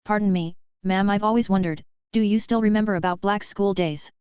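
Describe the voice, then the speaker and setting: A relaxed, wry male professor who likes to tease as a woman narrator reads him, in a very smooth, clear voice. The recording sounds dull and dry. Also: mid-range voice, brisk, no room sound, close to an everyday voice. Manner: easy and wry. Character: easygoing, teasing male professor.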